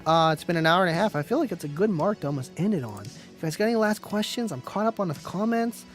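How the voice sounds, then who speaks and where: A man's voice: high-pitched, animated, quick pace, faint music behind. A man hosting a live stream, chatting casually with viewers, laid-back and chatty, laughing often and calling people "man" and "dude".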